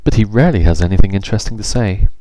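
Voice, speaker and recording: Gentle young girl in a storybook, earnest and soft, very lively tune, read by a man. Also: lowish voice, rapid-fire, dry recording, natural voice.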